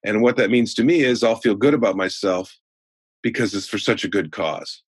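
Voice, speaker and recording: A man's voice: on the low side, moderate pace, husky, no room sound. A man in his sixties, a sales trainer and guest, telling folksy anecdotes in a conversational way. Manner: folksy anecdotal teller, animated in stories. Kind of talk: conversational storytelling.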